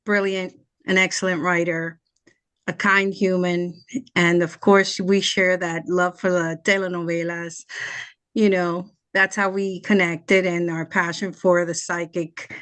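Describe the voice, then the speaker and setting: A woman's voice: fairly low pitch, a bit bright, no echo. A woman giving an earnest, affectionate tribute to a friend over a video call. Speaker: guest well-wisher.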